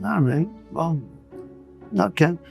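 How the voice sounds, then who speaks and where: High-voiced New host. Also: male voice, takes it slowly, creaky, darkish tone, soft background music. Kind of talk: casual interview chat.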